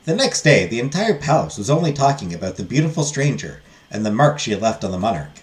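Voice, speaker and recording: Male let's play host, chatty and joking, reads game text aloud with a lively, swinging voice at a middle pitch. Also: fast. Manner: joking, chatty asides to viewers.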